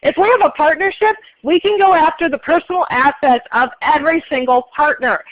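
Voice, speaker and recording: A woman teaching an accounting class, briskly polling students and explaining answers. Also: high-pitched, no echo, phone-quality sound. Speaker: accounting instructor. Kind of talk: classroom lecture.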